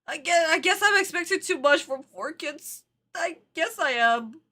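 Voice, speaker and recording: Reacting to a show on video, a woman with a high, sharp voice talks at a moderate pace with lively intonation. Her casual commentary swings between exasperated ranting and laughter.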